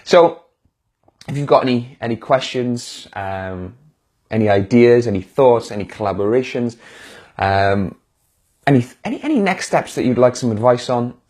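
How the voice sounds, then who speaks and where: A man's voice: mid-range voice, lively intonation, moderate pace, darkish tone. A man speaking as a motivational speaker on a live stream, encouraging viewers directly in a casual pep talk. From United Kingdom.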